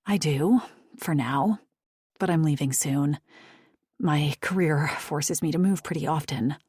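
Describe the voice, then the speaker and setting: A woman voicing a guarded, secretive woman who answers quietly and evasively, with a low husky voice. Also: measured pace, dry recording, clean studio sound.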